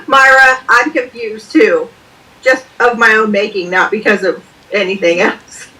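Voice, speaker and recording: A woman's voice: medium pitch, fairly even intonation, unhurried, sharp tone, distant mic. A woman co-hosting a book club livestream over a video call, talkative and joking. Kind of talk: casual chat.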